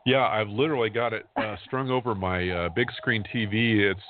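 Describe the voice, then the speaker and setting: A man's voice: lowish voice, steady tone, normal speed, a little hiss or hum. A man in his fifties hosting a talk radio show, chatting casually and rambling, often laughing as he talks. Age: 50s. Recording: dry, phone-like internet radio audio.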